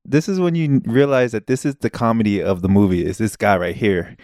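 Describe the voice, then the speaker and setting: A man co-hosting a casual movie chat, laughing often and chiming in with quick agreement. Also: fairly low pitch, darkish tone, dry recording, studio quality. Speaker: podcast co-host.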